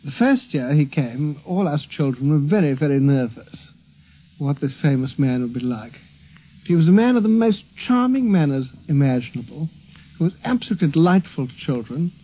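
A man recalling his childhood in an archival interview, speaking fondly and at a measured pace. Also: fairly high pitch, very animated. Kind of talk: archival reminiscence. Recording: dull lo-fi archive recording.

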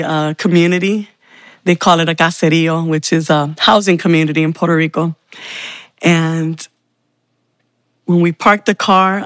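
A woman's voice: on the low side, no room sound, studio quality. A woman giving an earnest, heartfelt personal faith testimony. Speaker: testimony speaker.

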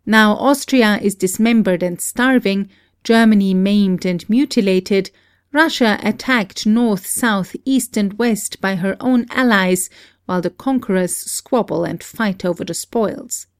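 A woman narrating a first-person memoir in a steady, earnest reading voice. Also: mid-range voice, measured pace, clear, resonant tone, no room sound, studio quality. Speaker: audiobook reader. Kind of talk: scripted narration.

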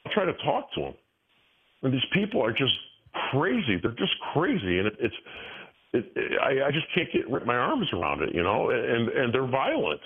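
A man's voice: mid-range voice, normal speed, breathy edge. A man in his sixties telling stories on a call-in talk show, with many restarts and fillers. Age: 60s. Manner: animated storytelling with frequent restarts. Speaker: guest. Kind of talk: casual interview talk. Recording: tinny phone-line audio.

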